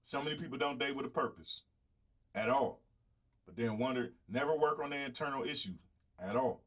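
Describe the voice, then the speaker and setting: A man's voice: mid-range voice, brisk. Blunt man preaching to his viewers. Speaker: show host. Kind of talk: casual live-stream talk.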